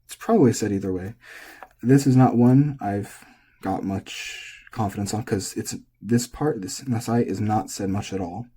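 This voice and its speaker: A man teaching pitch in a relaxed, casual lesson, thinking aloud as he goes. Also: moderate pace, breathy edge. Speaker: language teacher.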